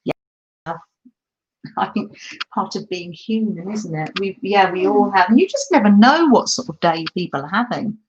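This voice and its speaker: A woman's voice: mid-range voice, expressive, normal speed, darkish tone, lo-fi sound, a little hiss or hum. A middle-aged woman hosting a casual craft live stream, chatting and reading viewer comments aloud with frequent laughs. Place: holiday home, indoors at a craft table. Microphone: laptop mic.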